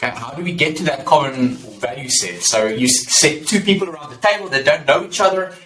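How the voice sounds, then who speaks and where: A man talking as a psychology professor guest in a casual podcast interview, explaining earnestly with lively anecdotes and many ums. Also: mid-range voice, a little fast. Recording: roomy echo.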